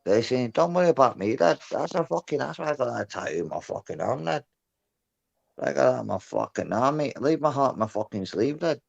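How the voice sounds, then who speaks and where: A man's voice: medium pitch, sing-song, fairly quick, vocal fry. A man chatting on a voice-chat show, swearing and rambling, ending nearly every phrase with "lad" or "mate". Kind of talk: rowdy casual chat. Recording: dull lo-fi voice-chat audio.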